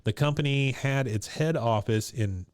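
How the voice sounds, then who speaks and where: Man, podcast co-host, animated scene recap, laughs a lot, smooth clear voice, dry close sound. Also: mid-range voice, unhurried, no echo. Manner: animated retelling, laughs often. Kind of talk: casual chat.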